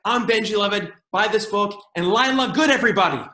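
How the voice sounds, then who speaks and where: A man performing a stand-up comedy routine, with lively delivery and funny voices for quoted people. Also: high voice, fairly quick. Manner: animated joke-telling with funny put-on quoted voices. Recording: roomy echo.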